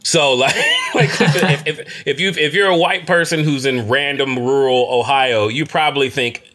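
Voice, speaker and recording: A man's voice: medium pitch, moderate pace, bright, forceful tone. A man from the United States hosting a podcast, telling stories and joking, laughing often. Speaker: podcast host. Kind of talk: casual podcast banter.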